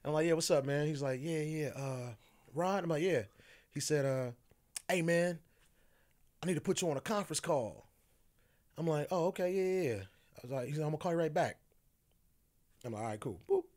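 A man's voice: fairly high pitch, fairly quick, pauses often, darkish tone. A man who is a podcast guest, casually telling a story, acting out the quoted dialogue and laughing often.

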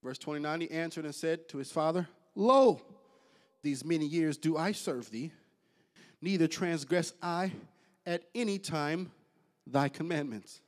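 A man preaching a sermon as pastor, swinging between loud high bursts and quiet, low asides. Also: unhurried.

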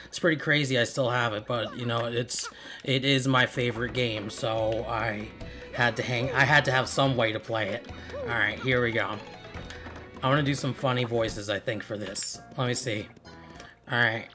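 A man's voice: medium pitch, fairly even intonation, normal speed, pushed and bright. A man giving casual, rambling let's-play commentary as host, chuckling and trailing off mid-thought. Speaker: gameplay video host. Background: game music.

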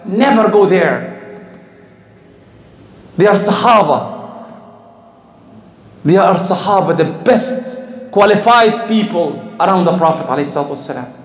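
Male preacher, first language Arabic, high voice, echoey room, animated storyteller. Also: measured pace, pauses often. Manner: animated, acts out quoted speech, loose grammar. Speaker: Islamic preacher. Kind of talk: storytelling sermon.

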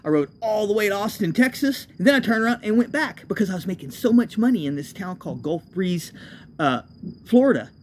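A man's voice: sits high, animated, fairly quick, a little hiss or hum. A man, a homeless traveler, telling his own road story in a loose, profane, self-correcting way. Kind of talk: rambling spoken storytelling.

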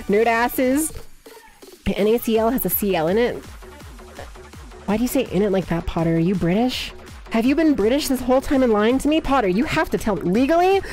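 A young woman streamer chatting casually with viewers, swearing, laughing and breaking into loud outbursts. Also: medium pitch.

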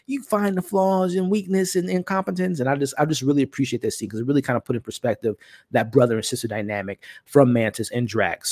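A young man talking casually through a movie in an animated, conversational way, now and then acting out characters' lines. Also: no echo, studio quality. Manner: animated, conversational, acts out quoted lines in higher voices. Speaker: movie reviewer. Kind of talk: casual spoiler review talk.

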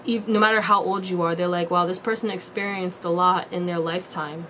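A woman's voice: on the low side, steady tone, fairly quick, bright, forceful tone, a little hiss or hum. A woman giving a casual pick-a-card tarot reading to viewers, chatty and slangy with frequent laughs. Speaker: tarot reader.

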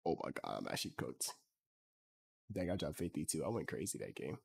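Husky young man streaming a shooter. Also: a bass voice, very animated, brisk. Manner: loose, slangy, hyped trash talk. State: sick, hoarse voice. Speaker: mobile game streamer. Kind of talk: casual gaming stream banter.

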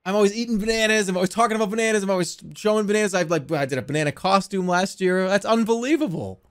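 Excitable high-voiced male streamer. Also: very fast. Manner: excitable, swears, loud shouting outbursts. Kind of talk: casual gameplay commentary.

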